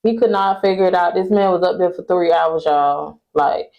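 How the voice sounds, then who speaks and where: Young woman, vlogger, exasperated storytime rant to viewers, lowish voice, muffled phone audio. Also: moderate pace, vocal fry. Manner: exasperated, venting, talks straight to viewers. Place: at home indoors.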